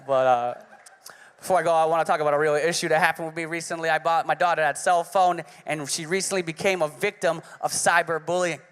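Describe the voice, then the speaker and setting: A man's voice: a little high, fairly even intonation, quick pace, a bit bright, smooth. A man in his thirties doing a brash, profane stand-up set on a club stage. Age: 30s. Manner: brash, profane, punchy delivery. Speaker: stand-up comedian. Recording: live hall reverb.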